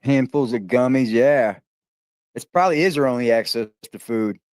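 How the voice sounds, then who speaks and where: A man on a livestream, sick and low on energy, talking in a crude, slangy way with lots of swearing. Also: moderate pace, darkish tone, clear, resonant tone, no room sound, studio quality. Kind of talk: livestream chat.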